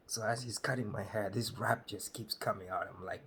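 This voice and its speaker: A man from Africa telling a comic story in a soft, low-key, polite way. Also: normal speed, few pauses, slightly rough. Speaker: comedian.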